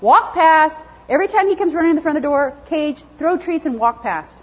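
High-voiced female dog trainer, lively classroom lecture, dull lo-fi recording. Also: a little fast. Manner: lively, chatty, acts out dogs' thoughts in silly voices.

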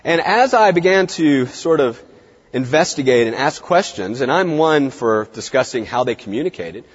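A middle-aged man giving a lively lecture to veterinary students, swinging his tone and pace for drama. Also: mid-range voice, normal speed, slightly rough. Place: large lecture hall. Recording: dull, echoey lecture hall recording.

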